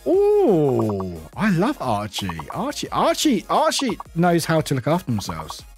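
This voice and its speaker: A rambling streamer, a man chatting loosely with his viewers between bits of play. His voice sits a little high and swings widely in pitch. He laughs often and swears casually, with faint music under him. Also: huge pitch swings, measured pace. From United Kingdom. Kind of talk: casual chat with viewers while gaming.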